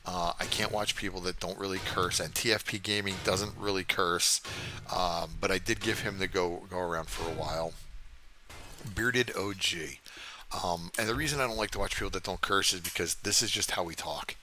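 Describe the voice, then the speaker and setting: A man's voice: low-pitched, moderate pace, bright, forceful tone, a little hiss or hum. An older man hosting a gaming livestream from his desk, chatting casually and cursing freely as he rambles and answers chat while he plays. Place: home desk.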